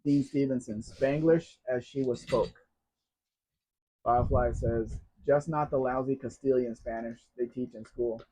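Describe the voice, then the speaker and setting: A man's voice: mid-range voice, steady tone, unhurried, warm tone, breathy edge. An American man hosting a casual live Q&A, chatting and reading viewer comments aloud. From United States. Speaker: live stream host. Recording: dull lo-fi sound.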